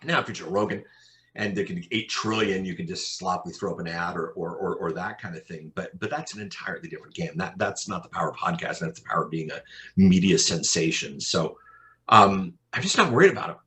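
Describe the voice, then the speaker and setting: A man, a podcast consultant, telling animated anecdotes in an interview, often repeating his words as he goes. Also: sits low, fast. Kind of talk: interview storytelling.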